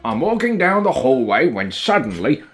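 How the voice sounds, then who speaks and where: A man reading the lines of a plain-spoken male trainer in a flat, quick manner. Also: medium pitch, faint music behind.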